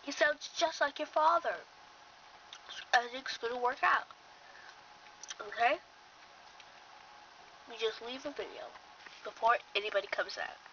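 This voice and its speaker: A woman voices every character in a homemade story, trading bickering, teasing lines. Her voice sits fairly high and bright, and she takes her time. The recording is dull and lo-fi with a faint hiss behind her. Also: animated, unhurried, long pauses, far from the mic. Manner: plays back-and-forth dialogue, bickering and teasing. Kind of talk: homemade story play, voicing several characters.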